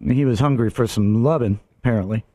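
A man's voice: medium pitch, warm tone, no room sound, studio quality. A man hosting a radio show, teasing and joking with his guest. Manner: joking, teasing, quick asides. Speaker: radio host. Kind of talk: radio show interview banter.

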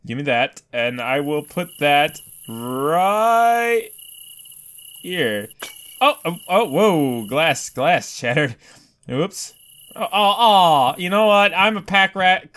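Male let's player, high and bouncy voice, unhurried delivery, profane, prone to startled yelps. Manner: excitable, swears a lot, yelps when startled. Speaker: gamer. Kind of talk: let's play commentary.

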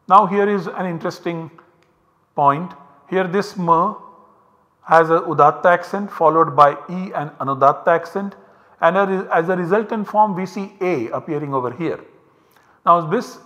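A man's voice: on the high side, sharp tone. Man lecturing in a reverberant hall. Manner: methodical, explains step by step. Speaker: university lecturer. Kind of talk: recorded academic lecture.

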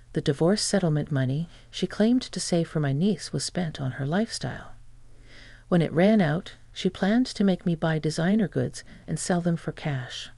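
A woman narrating a first-person story in an even, measured scripted read. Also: low-pitched, vocal fry, dry recording.

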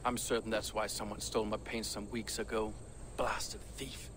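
A man's voice: fairly low pitch, level tone, moderate pace, noisy background, natural voice. An actor playing a loyal male Viking warrior sworn to his jarl, speaking earnestly in formal, old-style phrasing.

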